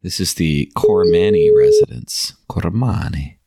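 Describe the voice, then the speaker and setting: A man's voice: sits low, wildly swooping pitch, a little slow, warm tone, breathy edge, dry recording, studio quality. A man co-hosting a prank-call podcast, chatting crudely and swearing freely. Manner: profane, laughing, swearing freely. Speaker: podcast co-host making prank calls. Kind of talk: crude casual chat.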